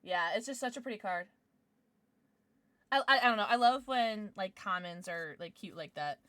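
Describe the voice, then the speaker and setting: A woman's voice: mid-range voice, moderate pace, fairly bright tone, no echo. A young adult woman streaming, chatting casually with viewers in a bubbly way, gasping and squealing as she reacts. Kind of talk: casual livestream chat.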